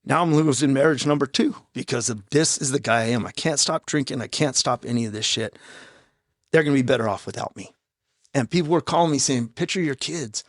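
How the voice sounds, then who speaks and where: A man in his fifties, a podcast guest, telling his own story in a raw, halting way with blunt profanity. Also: medium pitch, no echo, studio quality. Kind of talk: candid personal storytelling in an interview. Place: podcast studio. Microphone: studio microphone.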